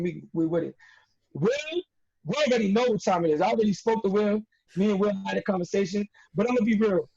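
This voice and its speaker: A man's voice: high-pitched, creaky, darkish tone, slightly rough. A young man, a wrestler talking as a podcast guest in a streetwise, emphatic way, repeating himself for effect. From New York. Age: young adult. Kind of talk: casual podcast interview. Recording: dull lo-fi audio.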